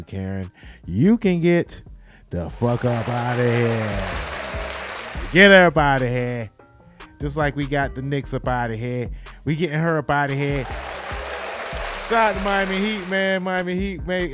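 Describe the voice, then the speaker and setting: A man hosting a podcast, giving casual commentary in a loose, slangy, repetitive way. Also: mid-range voice. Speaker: podcast host.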